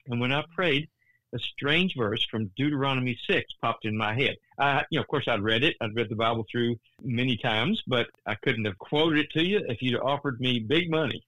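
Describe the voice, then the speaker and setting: A man in his sixties, a Christian author, telling a story earnestly in an interview, often restarting his sentences and rising in pitch at tense moments. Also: normal speed, sharp tone, no room sound, rough recording.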